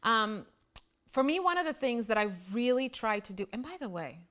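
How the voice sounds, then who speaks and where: A middle-aged woman hosting a parenting show, talking casually and bluntly straight to the camera, quick to poke fun at herself. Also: on the high side, very animated, a bit bright. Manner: blunt, self-deprecating, chatty. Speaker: parenting host.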